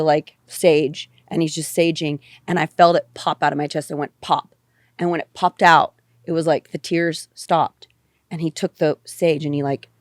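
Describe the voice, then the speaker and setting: A woman podcast guest telling a personal story in an animated way, repeating phrases and swearing casually. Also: lowish voice, no echo.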